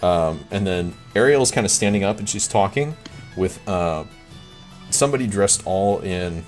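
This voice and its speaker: A man with a fairly low voice narrates a tabletop game as game master. He pauses often, with ums and restarts, while he sets the scene. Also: expressive, a little mellow, faint music behind. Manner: halting, full of ums and restarts.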